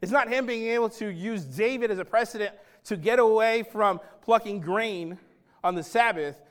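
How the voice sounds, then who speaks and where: A man preaching a sermon as pastor, emphatic and dramatic, swinging between loud stretches and hushed ones and talking straight to his congregation. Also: high-pitched, normal speed. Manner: acts out quoted speech and addresses the congregation directly.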